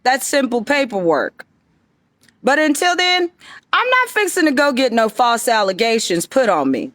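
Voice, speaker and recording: A woman's voice: a little high, big pitch swings, normal speed, a bit bright, no echo, clean studio sound. A woman giving an emphatic, confrontational monologue straight to her viewers. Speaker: vlogger addressing viewers. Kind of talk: direct-to-camera monologue.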